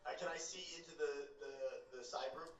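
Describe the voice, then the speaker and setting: A man's voice: medium pitch, steady tone, a little fast, muffled recording. Playful man playing a tabletop game. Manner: laughing, playful. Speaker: player. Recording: roomy, distant mic with music behind. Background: music.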